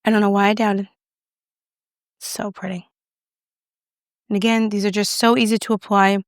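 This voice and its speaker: A woman's voice: medium pitch, level tone, fast talker, smooth, dry recording, clean studio sound. A young woman casually reviewing makeup, chatty and self-deprecating as she applies it on camera. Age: young adult. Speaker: beauty YouTuber.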